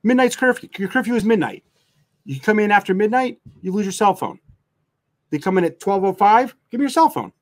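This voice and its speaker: A man who trains dogs, answering live chat questions bluntly, swearing freely and mocking soft owners in a sing-song voice. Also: sits high, fairly quick. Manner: blunt, profane, animated, mocks in a sing-song voice. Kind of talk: casual live Q&A.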